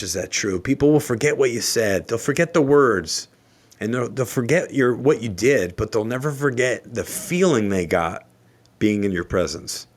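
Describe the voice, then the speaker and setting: A man hosting a solo motivational podcast, earnest and openly emotional, reading quotes slowly and reflecting on them. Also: fairly low pitch. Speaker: podcast host.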